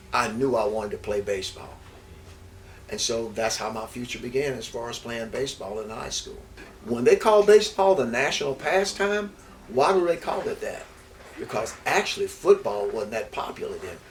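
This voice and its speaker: Older guy telling old baseball stories, repeats himself a lot, mic kinda far off. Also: mid-range voice. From Houston, Texas. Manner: rambling, repeats words and restarts, grows lively recalling stories. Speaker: interviewee, former baseball player. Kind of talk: reminiscing storytelling in an interview. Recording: distant mic with faint background noise.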